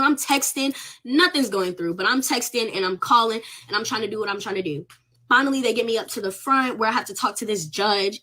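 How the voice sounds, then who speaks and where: A young woman recounts an ordeal in a bright, forceful voice. She sounds shaken and on the edge of tears, and she speaks candidly with plenty of swearing. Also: medium pitch. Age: young adult. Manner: emotional, candid, swears freely, on the verge of tears. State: shaken, close to crying. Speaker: college student telling her story. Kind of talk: casual livestream storytelling.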